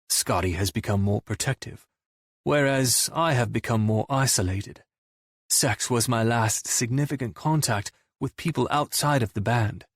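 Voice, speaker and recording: A man narrating a romance audiobook in the first person with a brooding, low-key delivery. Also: breathy edge, dry recording, studio quality.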